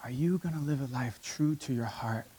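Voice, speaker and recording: A man's voice: mid-range voice, moderate pace, warm tone, slightly rough. A man preaching a sermon with passion, driving points home by repeating key phrases.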